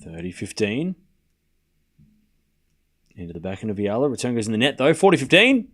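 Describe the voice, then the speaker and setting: Lively man calling tennis points. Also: medium pitch, normal speed. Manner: animated, bantering with chat. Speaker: livestream tennis commentator. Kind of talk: casual play-by-play commentary and chat.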